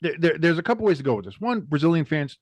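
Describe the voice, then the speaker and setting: Animated swearing man ranting. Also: fairly high pitch, fast, dry recording. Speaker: podcast co-host. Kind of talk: casual sports chat.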